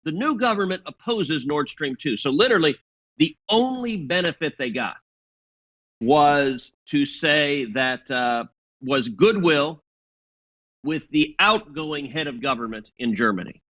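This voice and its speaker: A man's voice: fairly high pitch, lively intonation, unhurried, a bit bright, muffled recording. A man giving assertive political commentary, arguing his point and repeating words as he starts sentences.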